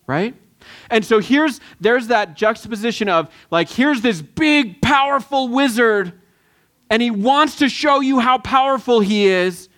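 A man giving a lively children's sermon, coaxing the kids to answer and join in. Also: high voice, a little slow. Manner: lively, coaxing, quotes film lines with voices. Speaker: children's pastor.

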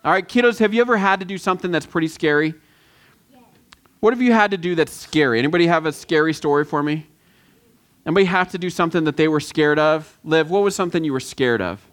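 High-voiced man leading a kids' sermon. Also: quick pace. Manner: lively, coaxing, quotes film lines with voices. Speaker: children's pastor. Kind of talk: children's sermon.

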